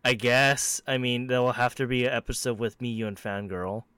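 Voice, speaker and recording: A man's voice: mid-range voice, fairly even intonation, moderate pace, a bit bright, smooth, dry recording. A man co-hosting a podcast, playfully reading out listener questions and laughing often. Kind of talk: casual chat.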